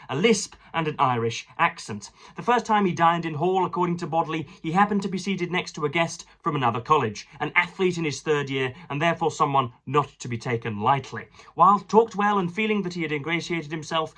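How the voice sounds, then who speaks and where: A man's voice: on the high side, bright, forceful tone. A man reviewing a book, mixing casual, hesitant chat full of fillers with passages read aloud. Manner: hesitant, many fillers and restarts.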